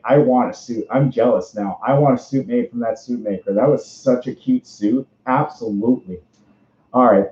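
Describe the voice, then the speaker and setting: A man in his twenties with a Minnesota accent, hosting a casual livestream interview. He talks from inside a costume suit, rambling, bubbly and quick to laugh. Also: medium pitch, warm tone. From Minnesota, USA. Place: indoors, speaking from inside a fursuit. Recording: roomy, dull lo-fi stream audio.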